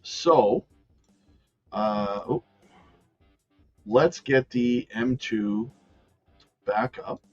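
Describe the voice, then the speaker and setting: A man hosting a casual crypto livestream, reading viewer comments and talking through charts in a loose, chatty way that swings from loud to muttered. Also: mid-range voice, very slow, pauses often, muffled recording, soft background music. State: has the hiccups.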